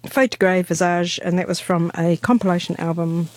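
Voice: medium pitch, steady tone, fairly quick, no room sound. Chatty New radio co-host. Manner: chatty, playful, rambling. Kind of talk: casual radio chat.

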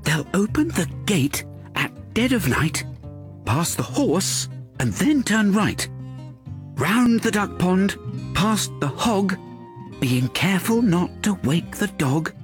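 A man reading a picture book gives voice to a tiny ladybird, squeaky and high above his own voice. She is earnest and urgent, her pitch leaping about as she tells her news. Soft music plays faintly underneath. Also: takes it slowly, full character voice. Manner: high, squeaky, excited telling. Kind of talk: storybook read-aloud.

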